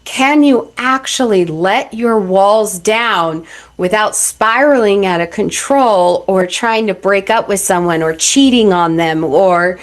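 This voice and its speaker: A young woman coaching on relationships in a frank podcast chat. She talks bluntly and with energy at an ordinary, middle pitch, often acting out the voices she quotes. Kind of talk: candid podcast conversation.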